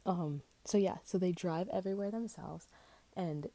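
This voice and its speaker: Low gravelly young woman ranting casually. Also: moderate pace, warm tone, no echo. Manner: rambling, swears constantly, self-mocking. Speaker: vlogger. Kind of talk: casual storytime rant. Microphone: headphone mic.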